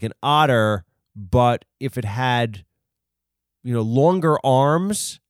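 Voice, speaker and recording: A man's voice: medium pitch, no room sound, studio quality. A man hosting a comedy podcast, rambling through a bit with lots of ums and restarts. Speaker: podcast host.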